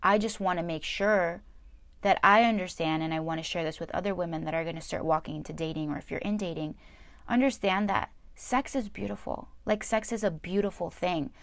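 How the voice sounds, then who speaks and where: A woman's voice: fairly low pitch, brisk, fairly bright tone, dry recording. A young woman talking candidly and earnestly to her viewers in a confessional way, often repeating words for emphasis. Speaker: vlogger. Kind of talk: candid personal talk to camera.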